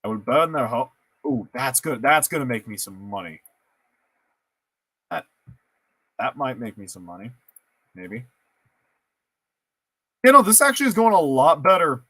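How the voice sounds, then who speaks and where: A man talks through his moves in a strategy game, musing aloud and poking fun at himself. His voice sits at a middling pitch but bounces up and down with lively intonation. The recording is dry and close, with no room echo. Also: measured pace, pauses often, breathy edge. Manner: thinking aloud, self-mocking, playful. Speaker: gameplay streamer. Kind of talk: casual let's-play commentary.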